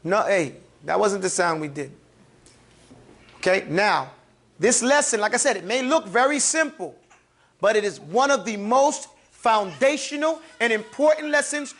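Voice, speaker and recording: Here the Arabic reading teacher's voice is mid-range, animated and a bit bright, at a measured pace. In a classroom full of students she teases the class, stresses every letter sound, and emphatically calls out letters to repeat.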